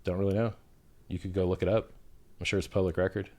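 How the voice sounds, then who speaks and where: A man's voice: low voice, level tone, quick pace, mellow. A man being interviewed on a livestream, combative and profane, who hurls insults while defending himself. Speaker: interview guest.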